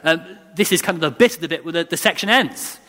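A man's voice: on the high side, lively intonation, quick pace, pushed and bright. A man preaching a sermon in an earnest, conversational way, often restarting and repeating lines for emphasis. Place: church. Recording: long church reverb.

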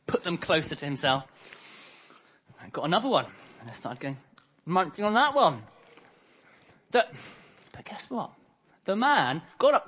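A man's voice: on the high side, very animated, moderate pace, long pauses, bright, forceful tone, husky. A man preaching a harvest sermon, telling a story and acting out the characters' lines.

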